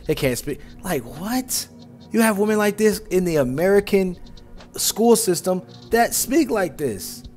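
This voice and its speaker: A man hosting a reaction channel, giving emphatic, scolding commentary with sweeping judgments. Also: on the high side.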